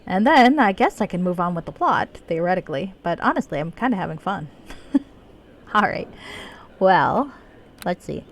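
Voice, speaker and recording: A woman's voice: lowish voice, big pitch swings, moderate pace, pauses often. A woman live-streaming a video game, chatting casually, laughing often and reading the game's dialogue aloud in her own voice.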